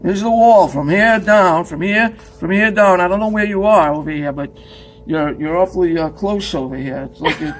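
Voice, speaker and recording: A man's voice: high-pitched, normal speed, slight background noise. A man teaching pottery at the wheel in a studio, chatty and joking as he demonstrates step by step.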